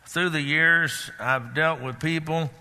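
An older man preaching a sermon as a pastor, folksy and unhurried, often restarting his sentences. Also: fairly high pitch, sharp tone, smooth, big-room sound. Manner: folksy, halting with restarts and fillers.

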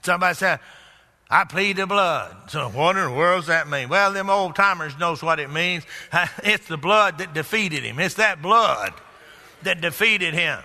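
Older male pastor, high and brilliantly bright, preaching in a reverberant church hall. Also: animated, measured pace. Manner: preaching, repeats phrases for emphasis, builds to exclamations. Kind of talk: sermon.

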